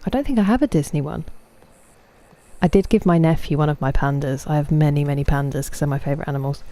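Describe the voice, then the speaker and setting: A woman's voice: deep voice, quick pace, warm tone. An English woman in her thirties streaming a game, chatting in a rambling, self-mocking way. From England. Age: 30s. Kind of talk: casual chat.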